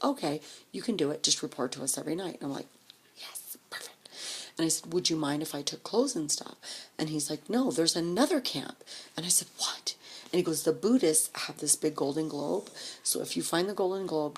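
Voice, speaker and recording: A woman's voice: deep voice, vocal fry, slightly rough. A woman casually telling a rambling, profane personal story, often dropping to a whisper when she quotes people.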